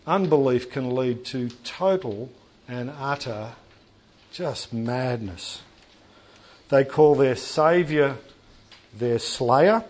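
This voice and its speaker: In a church hall, a preacher talks to the congregation in an animated, conversational way, slipping in asides and jokes. His voice is at medium pitch and his pace is slow.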